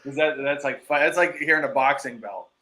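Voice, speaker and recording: A man co-hosting a podcast, chatting casually and telling stories with animated asides. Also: medium pitch, fairly quick. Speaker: podcast co-host. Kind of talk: casual chat.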